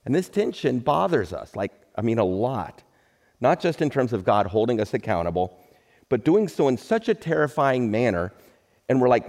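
A middle-aged man, a pastor, giving a recorded sermon in a relaxed, joking, conversational way. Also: medium pitch, normal speed, long reverb tail.

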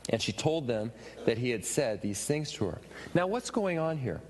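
A man preaching a sermon, retelling a scripture passage with expressive, emphatic questions. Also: mid-range voice, normal speed. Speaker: pastor. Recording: reverberant hall with faint ambient noise.

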